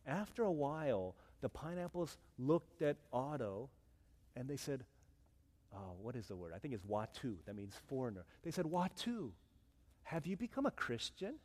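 Animated man telling a sermon story. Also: mid-range voice, moderate pace. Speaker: pastor.

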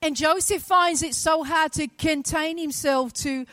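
Brit woman preaching a sermon, high voice, dry close mic, storytelling with big loud bits. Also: fairly even intonation, measured pace, dry recording. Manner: storytelling preacher, swings from soft to loud, emphatic.

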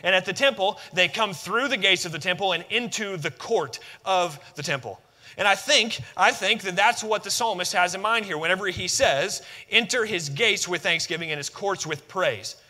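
A man preaches a sermon in a bright, fairly high voice. He keeps it conversational and emphatic, asking his listeners rhetorical questions and adding touches of humor. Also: normal speed, long reverb tail.

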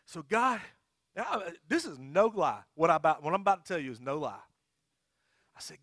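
A middle-aged man, a pastor, preaching a sermon, telling a funny story with big outbursts, then dropping into quiet, earnest appeals. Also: sits high, very animated, normal speed, no echo, studio quality.

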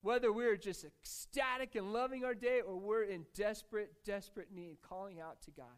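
Male pastor, high-pitched, easygoing preaching style that pulls in the congregation. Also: steady tone, normal speed, clear, resonant tone. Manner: casual, conversational preaching with fillers; jokes with and engages the congregation. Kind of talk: sermon. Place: church in front of a congregation.

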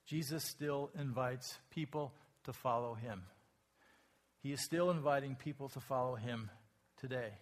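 A man preaching a sermon, explaining scripture earnestly and raising his voice when he reads the verses aloud. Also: medium pitch. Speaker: pastor.

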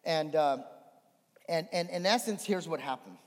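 A man preaching a sermon as a pastor, swinging between animated emphasis and hushed storytelling. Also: fairly high pitch, moderate pace. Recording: long hall reverb.

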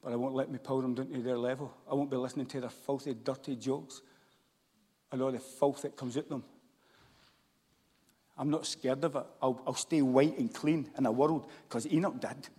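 A man with a Scottish accent preaching a sermon, moving between loud shouts and hushed, intense passages. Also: medium pitch, fairly even intonation, normal speed, slightly rough. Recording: long hall reverb.

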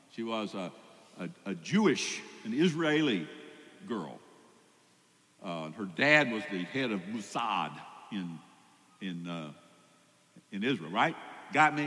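A man's voice: fairly low pitch, a bit bright. A man preaching a sermon as pastor, conversational, with rising emphatic peaks. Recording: long hall reverb.

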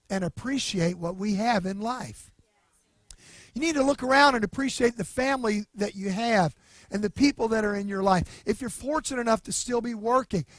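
A man's voice: high-pitched, no room sound. A male pastor delivering a sermon in an earnest, conversational way with casual asides, in a nearly empty church building.

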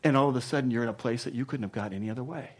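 Emphatic preaching man, mid-pitched. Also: rapid-fire. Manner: emphatic, swinging between punchy loud lines and hushed asides; conversational, with frequent "you know". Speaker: pastor. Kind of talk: sermon.

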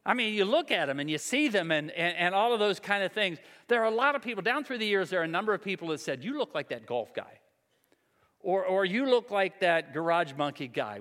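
A man in his sixties preaching a sermon, telling stories about himself in a relaxed, conversational way. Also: fairly high pitch, quick pace, few pauses. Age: 60s. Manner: conversational, self-deprecating storytelling. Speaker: pastor. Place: large church hall. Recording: long hall reverb.

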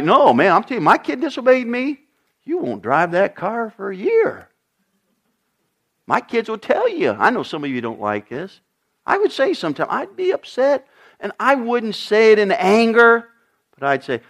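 Animated male pastor preaching. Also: high voice, normal speed. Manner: dramatic shifts in volume, acting out voices; direct questions to the congregation. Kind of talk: sermon.

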